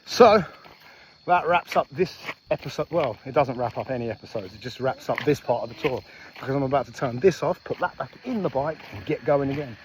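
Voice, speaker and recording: A man's voice: medium pitch, lively intonation, a little fast. Chatty man vlogging from a moped. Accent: put-on Australian-style accent at times. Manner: chatty, rambling, self-mocking, slips into put-on accents. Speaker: travel vlogger. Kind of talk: casual vlog chat. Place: outdoors in jungle, riding a moped. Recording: noisy outdoor camera audio. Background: engine and jungle noise.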